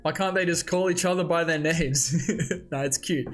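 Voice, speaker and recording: A man hosting a casual comic read-along, reacting excitedly and thinking aloud as he goes. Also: a little high, moderate pace, faint music behind. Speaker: host.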